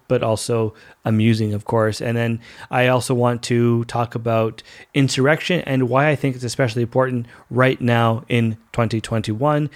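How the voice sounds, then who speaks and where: A young man hosting a casual solo podcast, talking in a chatty, rambling way. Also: mid-range voice. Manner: chatty and rambling, with goofy put-on voices. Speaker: podcast host.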